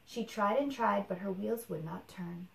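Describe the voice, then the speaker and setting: A woman reading a children's picture book aloud to a young child, expressive and patient. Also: mid-range voice, a little slow, vocal fry. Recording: roomy echo.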